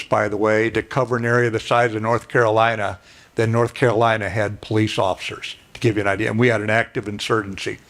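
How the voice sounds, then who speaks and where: An older man, a retired general telling a war story to an audience in a folksy, plainspoken way, clearing his throat now and then. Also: mid-range voice, fairly bright tone. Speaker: retired general giving a speech.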